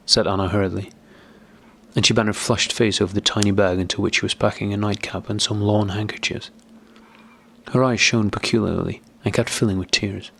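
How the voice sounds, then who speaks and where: Gravelly low-voiced male narrator. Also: level tone, fairly quick, fairly bright tone. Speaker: audiobook narrator. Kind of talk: scripted narration.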